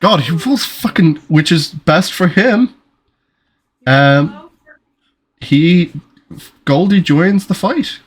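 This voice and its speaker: A man's voice: a little high, slow, pauses often, slightly rough. A man running a tabletop game as game master, narrating casually, swearing and breaking off mid-sentence, on an online voice call. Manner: casual, swearing, self-interrupting.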